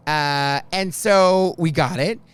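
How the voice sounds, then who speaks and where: A man hosting a podcast, telling a story in casual chat, unfiltered and self-mocking, acting out quotes in a high voice. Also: slow pace, clean tone. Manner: animated, acts out quotes in a high voice. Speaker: podcast host.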